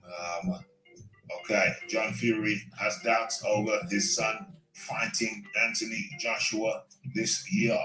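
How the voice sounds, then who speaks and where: A man's voice: fairly low pitch, flat delivery, slow. A British man hosting a solo boxing talk stream, rambling, repeating himself and talking to himself. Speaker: boxing talk show host. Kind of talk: solo live-stream chat. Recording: roomy echo, faint music.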